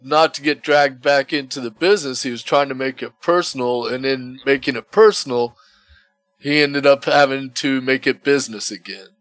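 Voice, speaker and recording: A man in casual movie discussion, quickly adding plot details. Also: mid-range voice, fairly bright tone, no echo.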